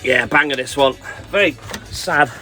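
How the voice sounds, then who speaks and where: A man's voice: medium pitch, normal speed. A man on his milk round chatting casually with live-stream viewers, greeting them by name. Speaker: livestreaming milkman. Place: delivery vehicle on a milk round. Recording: music playing behind.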